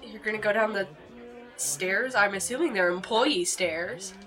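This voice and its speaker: A woman playing her character in a tabletop game, speaking casually with a playful, deadpan manner. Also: mid-range voice, unhurried. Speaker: player.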